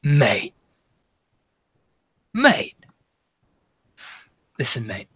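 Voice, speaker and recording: A man voicing a secretive English gangster with an English accent who keeps saying "mate" and lowers his voice. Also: wildly swooping pitch, drawn-out words, husky, no room sound, heavily acted. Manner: says "mate" constantly, hushed and secretive.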